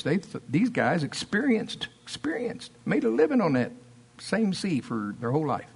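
Male preacher, higher register, animated storyteller who voices his characters. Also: moderate pace, vocal fry, slightly rough. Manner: animated storytelling, acting out quotes. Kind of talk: sermon.

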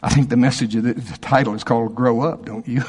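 A man preaching a sermon as a pastor, acting out objections from his listeners in a higher voice. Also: fast talker, husky. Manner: animated preaching, voicing objections in a higher pitch.

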